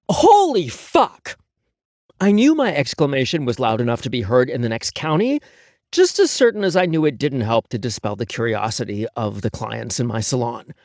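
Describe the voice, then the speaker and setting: A man's voice: medium pitch, darkish tone, no room sound, studio quality. A man narrating a first-person audiobook in a sassy, sarcastic and profane manner.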